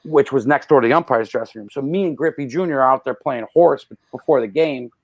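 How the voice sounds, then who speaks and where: Speaking fast in a recording with no room sound, a male podcast guest trades anecdotes in relaxed conversation. He's animated, voicing the people he quotes with loud pitch jumps.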